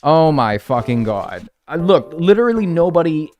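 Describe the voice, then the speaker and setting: A man's voice: fairly high pitch, big pitch swings, moderate pace, a little mellow. A young man streaming a game live, talking to his viewers with playful mock outrage and a lot of swearing.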